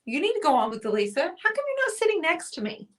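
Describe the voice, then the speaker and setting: A woman's voice: very high voice, big pitch swings, quick pace. A woman hosting a casual livestream, chatty and teasing as she reads viewer comments aloud. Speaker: livestream host.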